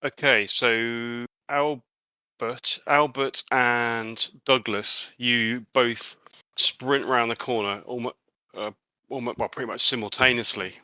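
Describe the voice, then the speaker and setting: Bright-voiced man running a tabletop game. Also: medium pitch, steady tone, clean tone, no echo, poor audio. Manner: halting, many fillers and restarts. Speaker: game master.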